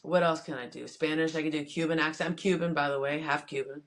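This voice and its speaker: A woman's voice: low voice, fairly even intonation, quick pace. Joking, easygoing woman boxer, interview guest. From Miami. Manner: joking, easygoing, self-promoting. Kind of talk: casual interview chat.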